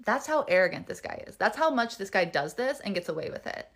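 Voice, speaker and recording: A woman's voice: mid-range voice, big pitch swings, fast talker, vocal fry, a bit bright. A woman telling a story casually to the camera, heated and emphatic, with swearing.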